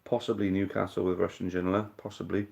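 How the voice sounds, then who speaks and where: A man hosting a live-stream quiz, chatting casually, thinking out loud, swearing now and then and calling the players mate. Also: sits low, level tone, quick pace, vocal fry.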